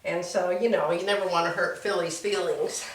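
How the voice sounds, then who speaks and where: A woman's voice: on the low side, steady tone, normal speed, recorded from a distance, slight background noise. An older woman chatting casually in a home sewing vlog, rambling along and laughing often. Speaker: sewing vlogger. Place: home room. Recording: roomy sound from away from the mic.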